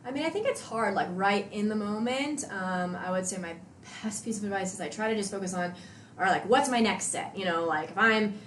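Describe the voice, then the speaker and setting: Animated woman guest in a roomy space. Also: medium pitch, fairly quick, a little hiss or hum. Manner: animated, acts out quoted exchanges. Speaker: podcast guest, CrossFit athlete. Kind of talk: casual conversational storytelling.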